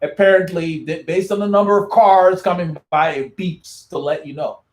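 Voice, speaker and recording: A man's voice: sits high, fairly even intonation, normal speed, echoey room. A man hosting a cycling channel, chatting casually as he answers viewer comments, often repeating and restarting his words.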